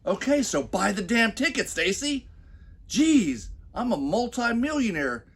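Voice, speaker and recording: A man's voice: high voice, very animated, measured pace, slightly rough, pitched above the performer's own voice, heavily acted. A man mocking a smug bragging millionaire. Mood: swaggering. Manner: mocking, swaggering, exaggerated. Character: smug boastful rich husband, adult man.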